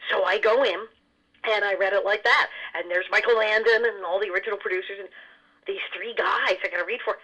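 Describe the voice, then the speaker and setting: A woman with a bright, forceful voice tells stories in a quick, animated way, breaking into laughter often. She sounds like a guest chatting casually in an interview. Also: mid-range voice, highs cut off. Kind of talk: casual storytelling chat.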